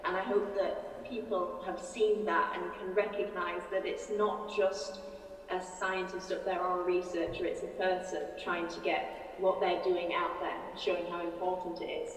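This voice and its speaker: A woman contestant in a live remote interview, playful and quick to laugh. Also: on the low side, flat delivery. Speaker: competition contestant. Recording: echoey, distant, faint hiss.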